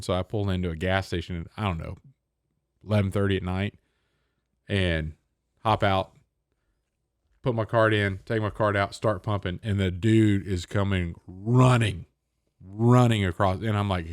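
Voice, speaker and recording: A man's voice: low-pitched, no room sound, studio quality. A man co-hosting a podcast, telling a casual story and acting out the other people in it. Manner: animated storyteller, acts out other people's lines. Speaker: podcast co-host.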